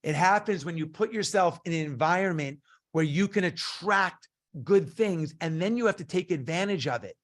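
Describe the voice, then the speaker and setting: A middle-aged man leads an online business coaching session. His voice sits a little high, and he tells stories in a punchy, animated way, acting out the back-and-forth of each scene. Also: moderate pace. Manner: storytelling, punchy and animated, acts out dialogue.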